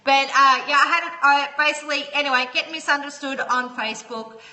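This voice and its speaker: Woman, livestream host, casual chat, high voice, long reverb. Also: fairly even intonation, brisk, pushed and bright. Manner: chatty, laughs often, greets viewers by name. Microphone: phone.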